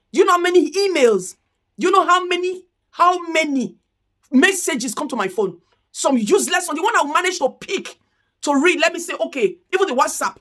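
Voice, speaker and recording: Indignant high-voiced woman. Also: a bit bright. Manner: indignant, repetitive rhetorical questions. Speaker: commentary vlogger. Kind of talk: impassioned commentary rant.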